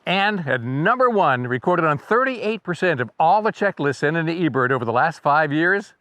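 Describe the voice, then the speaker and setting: In a dry recording, a man with a voice on the high side narrates a relaxed birding video at a moderate pace, sounding animated, pushed and bright. As the guide and host, he keeps a chatty, wry tone and mimics bird calls vocally.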